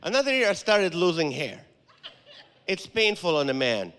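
Male Christian comic, animated storyteller, slightly high voice, mic in a reverberant church hall. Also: normal speed, a little hiss or hum. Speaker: Christian comedian. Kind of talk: stand-up comedy set in church. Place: large church auditorium.

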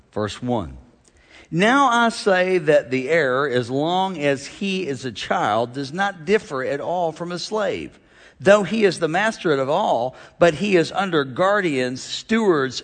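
A middle-aged pastor delivers an animated sermon, his fairly high male voice ringing through a big church hall with a long reverb tail. He drops low and quiet to tell stories, then climbs back up to call on the congregation. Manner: animated preacher, swinging from loud exhortation to quiet storytelling.

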